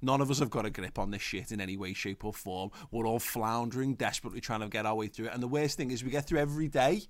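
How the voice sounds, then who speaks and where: A man's voice: mid-range voice, fast talker. Rambling, sweary male co-host. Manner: rambling, sweary, self-interrupting. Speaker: podcast co-host. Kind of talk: casual chat.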